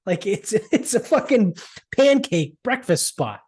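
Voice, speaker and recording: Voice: medium pitch, sing-song, unhurried, a little mellow, slightly rough. A podcast host telling a travel story in a casual rant, profane, exasperated and mocking.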